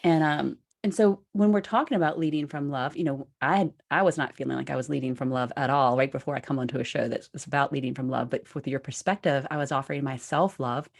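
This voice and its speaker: A woman hosting a casual podcast conversation, animated and self-deprecating, laughing easily. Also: rumbling low, fast talker, gravelly, hardly any pauses. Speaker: podcast host.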